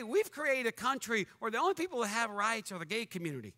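A high-voiced male pastor preaches with a bright, cutting edge, his words ringing through a long church hall reverb. He is animated and mock-angry, throwing jokes at his congregation. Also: fast talker. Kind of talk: fiery sermon. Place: church sanctuary.

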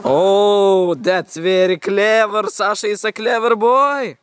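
A man's voice: high voice, fairly even intonation, slow pace, clear, resonant tone. A man vlogging outdoors by a forest river, in a teasing, mock-dramatic way, talking to his viewers. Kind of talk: playful outdoor vlog commentary.

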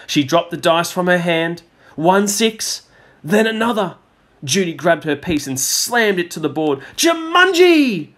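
A man teacher reading a storybook aloud to a class, measured and expressive. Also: a little high.

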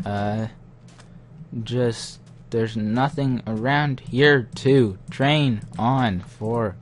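A man's voice: medium pitch, extremely slow. A young man muttering to himself as he comments casually on his game, getting easily frustrated. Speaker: gaming channel host.

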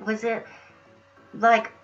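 A woman's voice: fairly high pitch, monotone, extremely slow, muffled recording, soft background music. A woman hosting an interview who asks playful, leading questions. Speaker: show host, interviewer. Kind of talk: casual interview.

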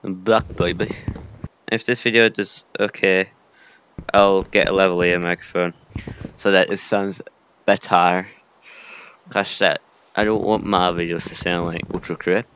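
A man's voice: deep voice, fairly even intonation, unhurried, pauses often, fairly bright tone, lo-fi sound, a little hiss or hum. A young man casually commenting while playing a survival game, muttering to himself with mild swearing. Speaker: gaming video creator. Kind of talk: casual let's-play commentary.

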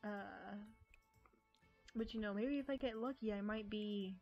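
An American woman chatting casually while live streaming a game, giggly, rambling and quick to poke fun at herself. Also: mid-range voice, gravelly. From United States. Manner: giggly, rambling, self-mocking. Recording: dull lo-fi stream audio with faint music.

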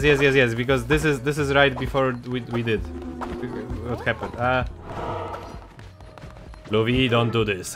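A man streaming a game, chatting casually and excitably, reading chat and game text aloud. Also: mid-range voice. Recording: game music playing under the voice.

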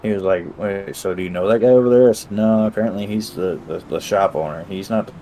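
A man's voice: lowish voice, fast talker, dark tone, a little hiss or hum, rough recording. A man casually recounting a roleplay session, acting out both sides of the conversation and swearing freely. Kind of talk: casual chat.

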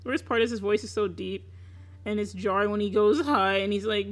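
A woman's voice: mid-range voice, moderate pace, faint music behind. A young woman chatting casually on a live stream while she draws, laughing often, swearing freely and teasing her viewers.

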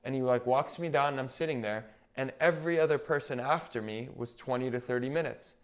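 A man's voice: mid-range voice, brisk. A young man, a podcast guest who works as a nurse anesthetist, telling stories in casual chat and acting out what others said. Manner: animated storyteller who quotes what others said.

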